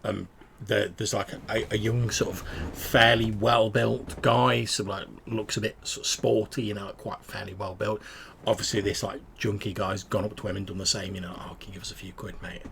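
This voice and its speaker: Gravelly game master. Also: male voice, fairly low pitch, flat delivery, moderate pace, fairly bright tone, slight background noise. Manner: rambling with many fillers. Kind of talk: narrating a tabletop game.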